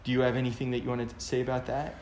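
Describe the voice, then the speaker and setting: A man's voice: medium pitch, monotone, rapid-fire, darkish tone. A man co-hosting a podcast, talking thoughtfully and searching for words, with a few restarts. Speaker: podcast co-host. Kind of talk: casual discussion. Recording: echoey room, faint background noise.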